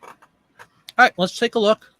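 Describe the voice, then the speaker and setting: A man's voice: slow pace, pushed and bright, no echo. Chatty man hosting a live stream. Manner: chatty, thinks aloud while working, addresses viewers by name. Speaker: live-stream host and online seller. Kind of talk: casual live-stream chat.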